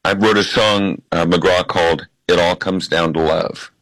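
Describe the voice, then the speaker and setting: An American man with a deep, low voice tells his stories as an interview guest. He acts out quoted lines with sudden jumps in his voice. The sound is dry and close. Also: measured pace, dry recording, rough recording. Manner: animated storyteller who acts out quotes. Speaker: guest, comedian and impressionist. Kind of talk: interview storytelling.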